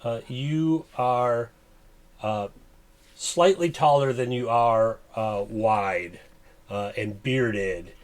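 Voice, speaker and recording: Slow, halting male game master. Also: medium pitch, darkish tone. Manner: halting, with many fillers. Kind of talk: improvised tabletop game narration.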